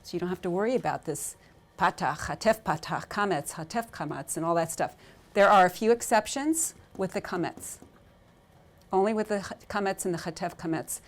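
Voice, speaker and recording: A woman's voice: on the low side, normal speed. A woman teaching a language class, patiently calling out sounds for learners to repeat. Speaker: Hebrew teacher. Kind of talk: slow classroom drill, teaching vowel sounds.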